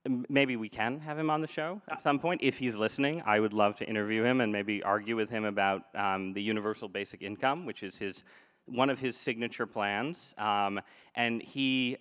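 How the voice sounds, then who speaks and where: A man's voice: on the low side, normal speed, a bit bright, smooth. A man in his thirties, co-host of a podcast, talking in a joking, rambling way with many restarts during a live debate on stage. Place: stage before a live audience.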